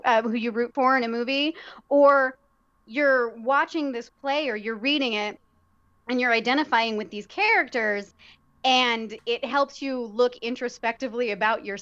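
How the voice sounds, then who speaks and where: A woman, a theater director and actor, talking casually and thoughtfully as a guest, pausing often to find her words. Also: a little high, fairly bright tone. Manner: reflective, searching for words with many fillers. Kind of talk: casual conversation. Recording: dull lo-fi sound.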